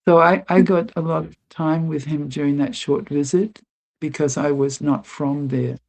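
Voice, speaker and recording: An older woman, a guest telling lively stories in an interview, laughing often and acting out what people said. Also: low-pitched, moderate pace. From Australia. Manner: lively anecdotal storyteller, laughs often, acts out quotes. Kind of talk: storytelling interview.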